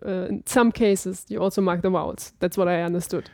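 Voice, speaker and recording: A woman's voice: on the low side, steady tone, brisk, a little mellow, dry recording, studio quality. A woman chatting casually as a learner, thinking aloud in a tentative way. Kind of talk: casual chat.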